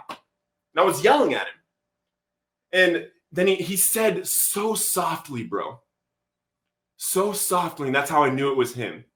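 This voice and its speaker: Animated man telling a story, roomy sound. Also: sits high, brisk. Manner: animated, acts out quotes, says "bro" often. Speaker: podcast guest. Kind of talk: storytelling testimony.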